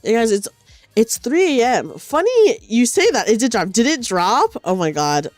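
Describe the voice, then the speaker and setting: A woman streamer chatting casually while knitting at home, sleepy and low on energy, rambling and correcting herself as she goes. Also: sing-song, normal speed, darkish tone, dry recording, faint music behind. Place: at home on a couch.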